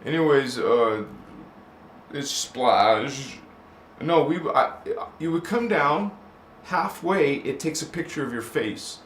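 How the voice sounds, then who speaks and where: A middle-aged channel host speaks slowly and animatedly in a slightly high voice as he reads viewer comments during a live stream. He rambles, chases tangents and laughs frequently, with a roomy echo and slight background noise.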